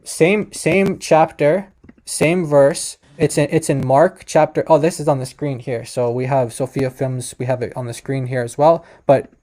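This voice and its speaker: A man giving a casual explanatory talk as presenter, halting often with fillers and restarts. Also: medium pitch, darkish tone.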